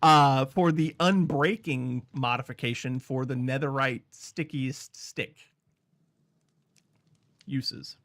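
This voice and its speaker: A man's voice: mid-range voice, fairly even intonation, measured pace, few pauses, fairly bright tone, no echo. A man streaming a game, chatting casually with his viewers while he thinks aloud about what he is doing. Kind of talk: casual gameplay commentary.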